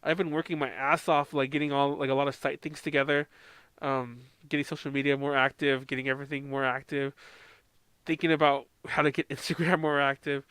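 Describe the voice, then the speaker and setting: A man's voice: mid-range voice, level tone, brisk, a bit bright, clear, resonant tone, dry recording. An American man co-hosting a podcast in casual chat, rambling, laughing often and swearing freely. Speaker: podcast co-host.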